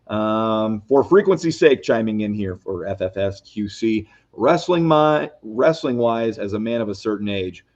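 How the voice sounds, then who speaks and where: A man's voice: lowish voice, lively intonation, a little slow, few pauses, darkish tone. A man hosting a podcast in casual chat, musing aloud in a reflective way. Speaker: host. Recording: dull lo-fi audio.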